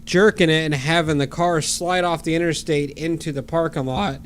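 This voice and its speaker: A man with a somewhat high voice walks through a movie's story in a loose, chatty way. He leans on fillers and throws in a casual swear now and then. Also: steady tone, normal speed. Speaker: podcast co-host. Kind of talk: casual film recap.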